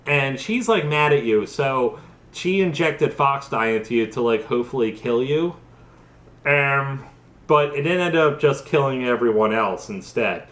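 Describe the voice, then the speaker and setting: A man's voice: medium pitch, lively intonation, measured pace, fairly bright tone. A tipsy man rambling through a profane, casual recap of a game's story, full of fillers. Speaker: host. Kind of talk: drunk casual game recap. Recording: echoey room.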